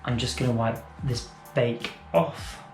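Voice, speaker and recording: A man's voice: mid-range voice, steady tone, a little slow. Chatty man in a roomy echo. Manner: rambling, self-correcting, playful. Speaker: drag makeup artist. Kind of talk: chatty makeup tutorial. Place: room at home. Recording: roomy echo, faint music.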